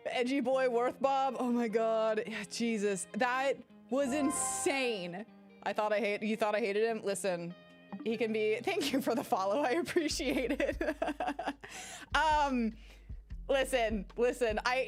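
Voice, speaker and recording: A woman streamer chatting casually with her live viewers, excitable, swearing freely, with loud outbursts and frequent laughter. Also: on the high side. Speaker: game streamer.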